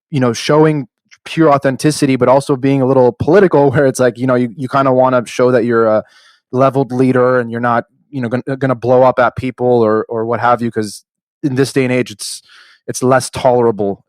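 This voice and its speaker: A man's voice: medium pitch, fairly even intonation, fairly quick, no echo. Man, podcast co-host, musing, hesitant, trails off, dry close sound. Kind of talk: podcast interview.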